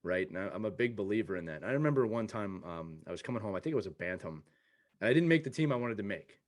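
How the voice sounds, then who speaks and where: A man's voice: lowish voice, expressive, fast. A man hosting an interview podcast, telling personal stories earnestly with many restarts. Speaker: podcast host. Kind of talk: conversational interview.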